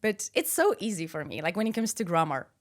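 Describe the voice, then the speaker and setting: A woman's voice: fairly low pitch, very animated, quick pace. Guest voice: young woman, chatty, easy laughs, lots of "like". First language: Polish. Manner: chatty, laughs easily, fills with "like". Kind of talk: casual interview chat.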